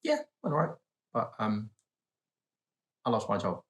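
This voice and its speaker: A man talking in a calm, laid-back way as he joins his wife's vlog. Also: on the low side, a little slow. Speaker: co-host, husband. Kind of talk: casual chat.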